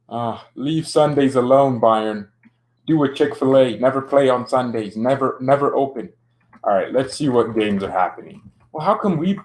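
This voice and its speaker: A man in a mid-range voice closes out his football video in a loose, rambling chat. He thinks aloud, restarts his sentences and jumps up into excited, mock-complaining outbursts. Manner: frequent restarts and sudden high exclamations. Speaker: football channel host. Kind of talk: casual rambling video outro.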